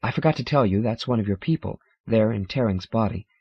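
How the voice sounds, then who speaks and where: A man's voice: on the low side, fast talker, breathy edge, no echo, dull audio. A man doing a light-voiced female alien. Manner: light, casual.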